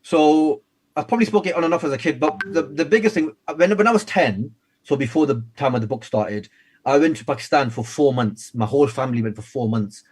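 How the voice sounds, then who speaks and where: A man's voice: medium pitch, brisk. A man from the UK, a guest author telling playful, chatty stories in a radio interview. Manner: lively, chatty, playful storyteller. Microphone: radio studio microphone.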